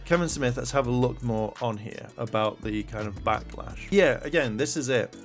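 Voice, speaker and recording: A man in the middle of a vlog rant, his voice pitched in an ordinary mid range. He sounds irritated and swears freely, stumbling through fillers as he reads articles out loud and picks them apart. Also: a little fast, hardly any pauses, faint music behind. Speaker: commentary vlogger. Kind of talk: ranting commentary.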